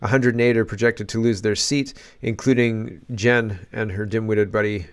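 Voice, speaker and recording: A man's voice: on the low side, fairly even intonation, normal speed, clean tone. A man hosting a casual political commentary show, exclaiming and rambling in disbelief.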